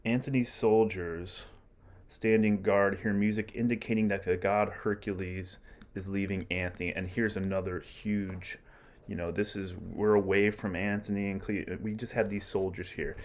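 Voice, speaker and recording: A man's voice: on the low side, level tone, normal speed, a little hiss or hum. A man teaching a play in a casual, chatty lecture, full of fillers and small chuckles. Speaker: literature teacher.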